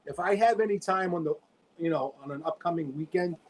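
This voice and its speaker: A man's voice: on the high side, fairly quick, rough recording. A man chatting casually as a podcast guest, laid-back and full of slang. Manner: laid-back, says dude a lot.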